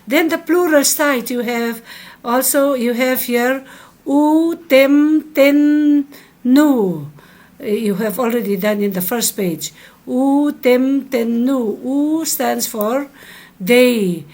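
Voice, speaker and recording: Slow, patient woman teaching verb forms. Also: high-pitched, a little mellow. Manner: slow, repeats each verb form for students to echo. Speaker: Hebrew teacher. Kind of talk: recorded grammar lesson.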